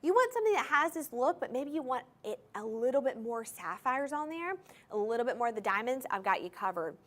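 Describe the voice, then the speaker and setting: Enthusiastic woman shopping host, bright higher voice with a wildly lively pitch, live TV sales pitch. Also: brisk. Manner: gushing, enthusiastic, talks straight to viewers. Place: TV studio.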